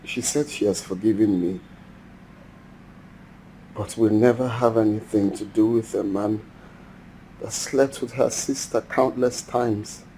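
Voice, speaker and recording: A man plays a heartbroken husband, speaking low, dark and mellow in a despairing, halting way. A faint hum of ambience sits behind him in this film drama scene. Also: fairly even intonation, natural voice, rough recording. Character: heartbroken man who ruined his marriage.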